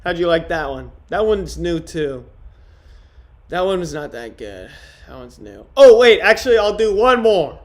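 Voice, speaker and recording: A man streaming in casual livestream chat, trying out deadpan stand-up jokes on his viewers. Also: high voice, unhurried.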